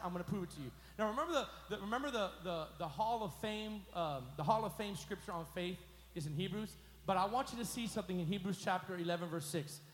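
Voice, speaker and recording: A man preaching a sermon as pastor, leading his congregation in call-and-response and climbing to loud, emphatic peaks. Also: high-pitched. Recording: echoey hall with faint music.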